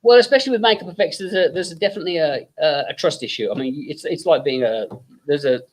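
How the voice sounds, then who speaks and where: Chatty English guest with a fairly high voice, loose storyteller who keeps saying "you know". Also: male voice, quick pace. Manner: rambling, many fillers and quoted voices. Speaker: guest filmmaker and makeup effects artist. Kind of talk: casual anecdote-telling.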